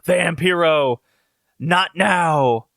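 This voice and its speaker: A menacing demon wrestler, played by a man retelling a show, taunting in a theatrical way. His pitch climbs above his normal speech, and the tone is bright and dry. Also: extremely slow, vocal fry, no echo, exaggerated voice.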